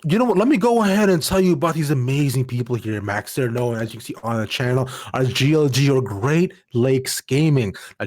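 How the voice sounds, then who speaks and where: A man's voice: medium pitch, no room sound. A man calls a live esports match in a playful, rambling, upbeat way. His voice sits in the middle of the male range and sounds close and dry, with no room around it. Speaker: esports caster.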